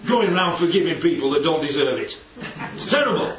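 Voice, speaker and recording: Brisk and animated, a man with a voice on the high side preaches a conversational sermon, chatting and repeatedly putting rhetorical questions to the congregation as his voice rises and falls widely. He is far from the mic in an echoey church hall; the sound is somewhat dull, with faint background noise and crowd noise.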